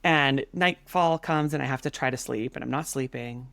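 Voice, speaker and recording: Animated woman telling a story, dry sound. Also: a bass voice, moderate pace, vocal fry, no echo. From Canada. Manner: animated, filler-heavy storytelling. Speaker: podcast guest. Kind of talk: casual storytelling.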